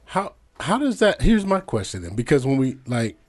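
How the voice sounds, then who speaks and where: A man's voice: medium pitch, big pitch swings, normal speed, darkish tone. Man hosting, asking big questions. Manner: questioning, lots of affirming murmurs. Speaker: podcast host. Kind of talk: casual panel discussion.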